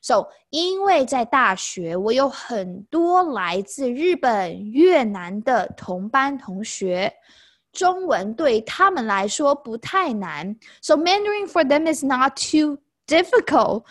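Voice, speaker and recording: Woman, teacher, raised pitch, patient, repeats phrases slowly. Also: very animated. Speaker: language teacher. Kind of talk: explanatory lesson.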